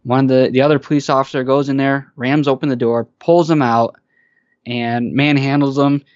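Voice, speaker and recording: A man's voice: mid-range voice, steady tone, normal speed, darkish tone, smooth, no echo, highs cut off. A man telling stories as a podcast guest, casual and rambling, with lots of fillers and restarts. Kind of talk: casual storytelling.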